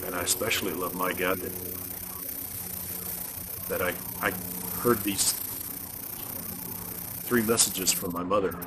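Deep-voiced man, earnest and halting. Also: fairly even intonation, noisy background. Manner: earnest, halting, stressing words. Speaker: video host. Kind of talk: religious vlog monologue.

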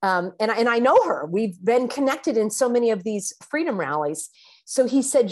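Outraged woman host, slightly high voice, emphatic rhetorical rant. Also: big pitch swings, moderate pace. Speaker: online show host. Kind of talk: commentary monologue.

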